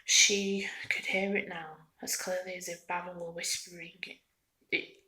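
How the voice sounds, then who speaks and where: ASMR storyteller, woman, soft and half whispered, a touch low in pitch. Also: little pitch movement, a little slow, a little hiss or hum, low-quality recording. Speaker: ASMR reader. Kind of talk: soft-spoken ASMR reading.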